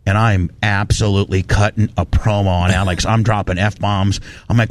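A man hosting a radio talk show, telling a story in animated bursts and ranting with lots of restarts. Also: fairly low pitch, normal speed, hardly any pauses, no echo. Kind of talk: casual talk radio banter.

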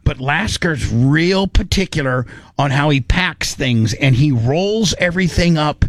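A man's voice: on the high side, a little slow, dry recording, studio quality. A man telling a long, rambling story in casual talk, acting out what people said. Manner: animated, rambling, acts out quotes.

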